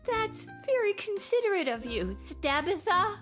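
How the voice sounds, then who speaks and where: A blunt, plain-spoken young girl guard from a video game. Her high voice moves around a lot as she speaks matter-of-factly. Faint music plays underneath. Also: sing-song, unhurried, a bit bright, full character voice. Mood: polite.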